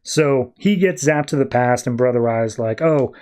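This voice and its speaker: A man's voice: medium pitch, normal speed, darkish tone, clear, resonant tone. A man hosting a podcast, recapping a comic issue in a rambling, casual way. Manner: rambling, slips into quoted voices. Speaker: podcast host.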